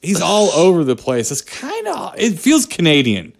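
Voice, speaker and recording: A man's voice: high-pitched, wildly swooping pitch, moderate pace, gravelly. A man co-hosting a podcast, chatting about movies in a joking, rambling way. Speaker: podcast co-host. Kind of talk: casual movie chat.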